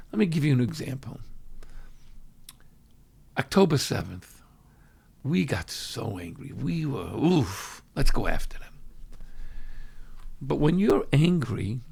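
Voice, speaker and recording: A man teaching as a rabbi in a dramatic way. He swings between loud outbursts and hushed asides, and acts out everyday people when he quotes them. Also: mid-range voice, creaky, husky. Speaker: rabbi teaching a weekly class. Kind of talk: animated religious teaching.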